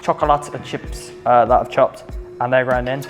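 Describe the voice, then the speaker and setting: A man's voice: mid-range voice, flat delivery, normal speed, soft background music. A man in his twenties, a cooking vlogger, chatting and joking while he makes a recipe, trailing off into filler words. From England. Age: 20s. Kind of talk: casual cooking chat.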